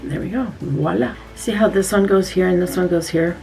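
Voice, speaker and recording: A woman's voice: fairly low pitch, brisk, creaky, a little mellow, soft background music, rough recording. A woman casually talking through her makeup routine step by step, chatty and easygoing as she demonstrates. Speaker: beauty vlogger.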